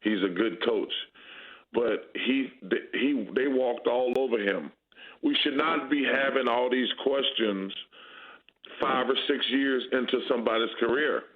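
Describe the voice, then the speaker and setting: A blunt, candid man in his fifties talks sports in a loose, emphatic way. His voice comes through a thin, tinny phone-like line that strips the low and high ends. His pitch sits in an ordinary middle range for a man. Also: a little slow. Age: 50s. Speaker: guest basketball analyst. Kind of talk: casual sports talk.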